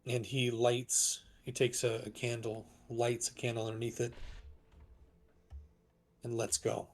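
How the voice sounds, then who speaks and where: Game master, man, slow halting narration, gravelly. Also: medium pitch, completely flat delivery.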